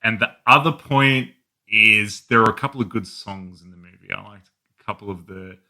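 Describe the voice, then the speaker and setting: Very bright-voiced man, blunt critic. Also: lowish voice, normal speed. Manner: blunt, critical, easy laughs. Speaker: podcast co-host. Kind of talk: casual film review chat. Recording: quiet, softly recorded audio.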